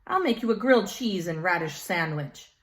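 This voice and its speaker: A woman's voice: fairly low pitch, expressive, moderate pace, natural voice. A woman voicing a kind, smiling elderly woman with a Polish accent, doting and chatty. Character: smiling kindly old Polish woman, kitchen volunteer.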